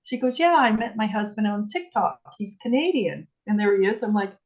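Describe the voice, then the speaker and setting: A woman on a video call, chatting casually and telling animated stories, acting out what people said. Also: medium pitch, a little fast. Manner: chatty, animated storytelling, acts out quotes. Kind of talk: casual chat. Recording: muffled video-call audio.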